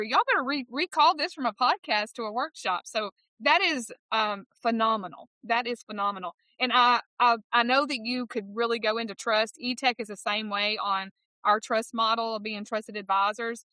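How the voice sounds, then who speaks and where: A woman's voice: fairly high pitch, pushed and bright, no echo. A woman in her fifties with a Southern accent, interviewing a guest in an exuberant, emphatic way. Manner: exuberant, emphatic, quick to laugh. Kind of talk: enthusiastic interview chat.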